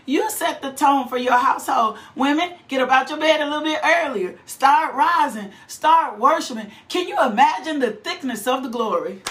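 A middle-aged woman preaching a fervent sermon, repeating phrases in a rhythmic, rousing way. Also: high-pitched. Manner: fervent, rhythmic repetition, exhortations.

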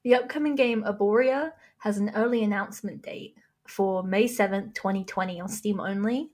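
A young woman co-hosts a gaming podcast with dry, teasing wit. She reads news items in a casual way. Her voice sits at a middle pitch. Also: moderate pace, a little mellow. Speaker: podcast co-host.

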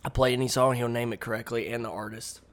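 A man co-hosting a casual podcast talks at a fast clip. He keeps chiming in with quick remarks and agreement. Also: mid-range voice, flat delivery. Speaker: podcast co-host. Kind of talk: casual chat.

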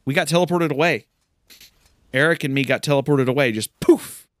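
A man's voice: on the high side, fairly quick, fairly bright tone. A man giving casual, rambling commentary while playing a video game, often incredulous at what happens. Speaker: gamer. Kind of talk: let's play commentary.

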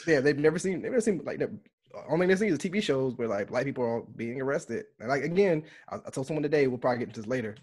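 A fast-talking man from the United States chats on a podcast, full of animated stories and acted-out quotes. His voice is a touch husky. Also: mid-range voice. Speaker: podcast guest. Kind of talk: casual podcast chat.

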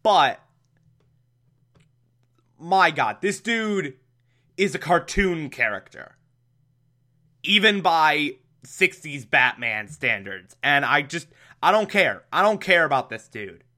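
Drawling, bright-voiced sarcastic TV reviewer, casual recap. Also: mid-range voice, big pitch swings, slow, pauses often. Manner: sarcastic, exasperated, bursts into laughter. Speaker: TV episode reviewer.

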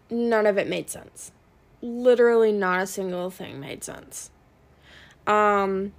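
A young woman hosting her own podcast in a casual, rambling way, frank and swearing, with many ums and pauses. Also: medium pitch. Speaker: podcast host.

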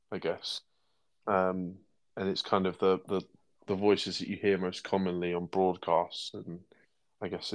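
A man with an Estuary English accent, co-hosting a podcast in casual chat, dry and self-mocking, with frequent ums and restarts. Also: deep voice. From England, Thames estuary area. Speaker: podcast co-host.

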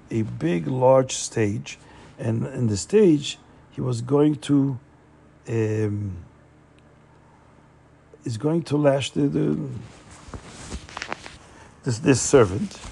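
A man narrates a story in a loose, chatty way, with frequent fillers and restarts. His voice is gravelly and husky, pitched slightly high but dark and mellow in tone. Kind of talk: casual oral storytelling.

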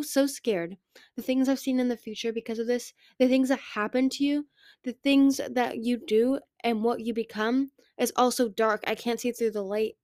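In a clean studio recording with no room sound, a woman voices an anxious young female dragon seer, speaking urgently and full of worry. Her voice is a little high, pitched above her natural one but still close to an everyday voice.

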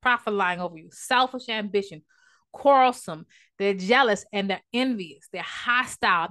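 A woman preacher delivering a sermon, emphatic at times and dropping to a hush for storytelling. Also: mid-range voice.

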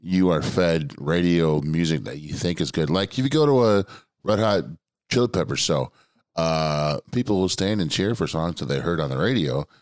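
A man co-hosting a podcast, telling stories in a casual, animated, profane way. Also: low-pitched, moderate pace, dry recording, clean studio sound. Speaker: podcast co-host. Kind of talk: casual chat.

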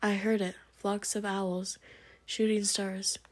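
A woman's voice: mid-range voice, flat delivery, slow. A woman whispering as a stern older witch, whispered role-play. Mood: impatient. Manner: impatient, clipped, irritable.

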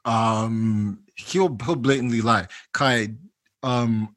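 A man chatting casually and telling stories in a blunt, lively way, swearing freely. His pitch sits in the middle of the usual range. The recording is dry, with no echo. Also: a little slow. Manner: animated, blunt storytelling with swearing. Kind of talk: casual chat.

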